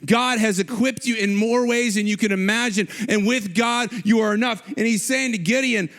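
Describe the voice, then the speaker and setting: High-voiced, chatty preacher man. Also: moderate pace, hardly any pauses. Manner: conversational storytelling, animated. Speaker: pastor. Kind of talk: sermon.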